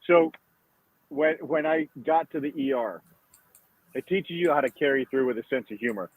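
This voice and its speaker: A man's voice: mid-range voice, moderate pace. A man guest on a podcast, telling stories with a joking, self-deprecating humor. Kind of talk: casual chat. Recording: tinny, dry phone line.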